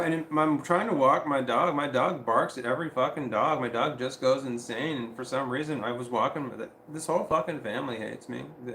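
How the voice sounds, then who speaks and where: A man telling a long story on a casual livestream, rambling and profane, with frequent restarts and quoting others in animated voices. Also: mid-range voice, roomy sound, a little hiss or hum.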